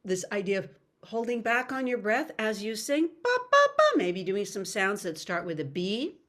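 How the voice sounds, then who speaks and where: A middle-aged woman voice coach leads an online workshop lecture over a video call, her mid-range voice a bit bright and her pace normal. She's upbeat and explanatory, now and then breaking into sung demonstrations.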